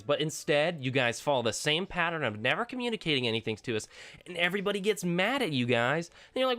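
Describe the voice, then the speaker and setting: A man's voice: fairly high pitch, sing-song, fast talker, a bit bright. Exasperated teenage boy ranting. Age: teens. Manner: exasperated, sarcastic, rambling with restarts. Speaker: gaming YouTuber. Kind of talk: ranting vlog commentary.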